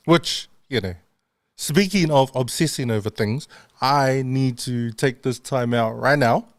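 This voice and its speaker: A man's voice: medium pitch, gravelly, dry recording, clean studio sound. A male radio host in casual chat, talking in a chatty, self-mocking way and laughing often. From not London.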